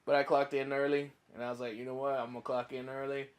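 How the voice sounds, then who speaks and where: A man co-hosting a podcast, telling a relaxed, easygoing story with some swearing. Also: medium pitch, fast talker. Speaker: podcast co-host. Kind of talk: casual chat.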